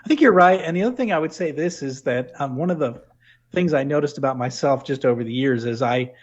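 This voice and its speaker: A middle-aged man from New England talks with no regional trace, speaking at a mid pitch. He is thoughtful and loose, restarting sentences as he goes. The line sounds slightly dull and lo-fi. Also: fast talker. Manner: reflective, full of restarts and "you know". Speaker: podcast guest. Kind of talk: casual interview talk.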